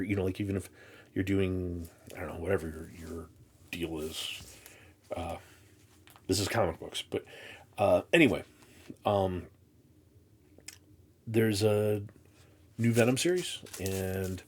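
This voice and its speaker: A man's voice: low voice, slight background noise. A man chatting casually as he unpacks a comic shipment, rambling and restarting his sentences, exasperated and poking fun at himself. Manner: rambling, halting, many restarts; exasperated, self-mocking. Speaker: comic collector vlogger. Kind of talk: casual unboxing chat.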